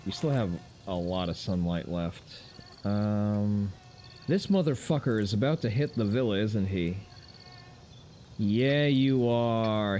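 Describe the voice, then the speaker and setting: A game streamer with a lowish, dark voice gives loose, profane gameplay commentary, tossing wry asides to his chat. There's slight background noise.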